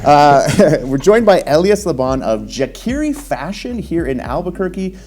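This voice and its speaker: A man's voice: on the high side, big pitch swings, moderate pace, darkish tone, slight background noise. A man hosting a casual talk show, joking and upbeat, teasing himself and his guest. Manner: joking, upbeat, self-deprecating. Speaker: host. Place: local talk show studio.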